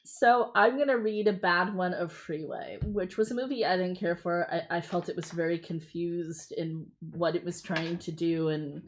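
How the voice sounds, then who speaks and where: A woman's voice: on the low side, moderate pace, hardly any pauses, a little hiss or hum. Chatty American woman co-host laughing. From United States. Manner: laughing, chatty, reads reviews aloud with amusement. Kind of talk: casual chat reading reviews.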